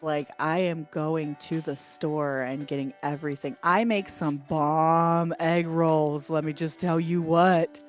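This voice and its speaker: A woman's voice: low voice, slow, hardly any pauses, soft background music. Bubbly woman with a New York accent. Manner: bubbly, animated, laughs often. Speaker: livestream co-host reading chat. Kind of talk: casual livestream chat.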